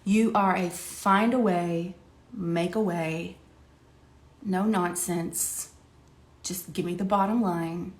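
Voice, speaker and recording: A woman's voice: lowish voice, slow, long pauses. Middle-aged woman from ohio, makeup coach, chatty and laughy, roomy echo on the mic. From Ohio, USA. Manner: chatty, laughing, lively quoted voices. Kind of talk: casual talk to camera while doing makeup. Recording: echoey room.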